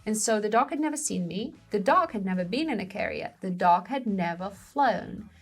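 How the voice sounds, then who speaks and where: A young woman co-hosting a show, telling a story in a lively, exclaiming way. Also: medium pitch, normal speed, husky, soft background music. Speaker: co-host of a language-learning show. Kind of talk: casual conversational storytelling.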